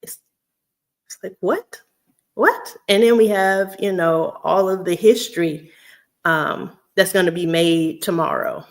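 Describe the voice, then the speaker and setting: A woman's voice: on the low side, fairly even intonation, unhurried, creaky. A woman from Houston, chatting casually to her viewers and laughing often. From Houston, Texas. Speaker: vlogger.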